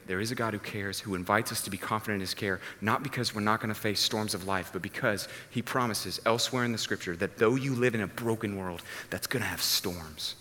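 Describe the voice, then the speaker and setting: Male pastor, sermon, casual storytelling, acts out voices, bright tone, echoing hall. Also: fairly low pitch. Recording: long hall reverb.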